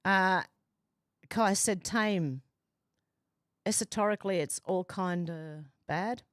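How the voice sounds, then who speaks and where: A slow-speaking Australian woman with a voice on the low side hosts a casual home livestream, reading chat comments aloud with chatty amusement. Her doors and windows are open, and the sound is dry and studio-clean.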